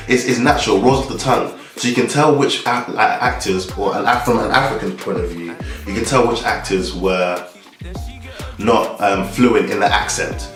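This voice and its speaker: A man's voice: on the low side, a little fast, fairly bright tone, roomy sound, soft background music. A young man from Nigeria giving a rambling, casual vlog monologue full of restarts and fillers.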